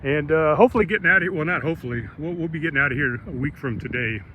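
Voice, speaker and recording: Brief: middle-aged man, casual rambling vlog chat, earbud mic outdoors with clear traffic noise behind. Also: fairly high pitch, very fast, highs cut off. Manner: relaxed, rambling, friendly. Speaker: vlogger. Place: outdoors on a walking trail at sunset.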